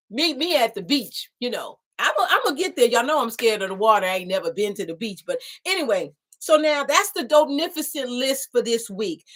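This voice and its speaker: A sassy, folksy gal-pal design assistant, as a woman puts her on with a high, bright voice. She talks in a bubbly, teasing way, sprinkling slang and y'all everywhere. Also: heavily acted. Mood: encouraging. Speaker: show's alter ego design assistant. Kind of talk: chatty talk-show segment in character.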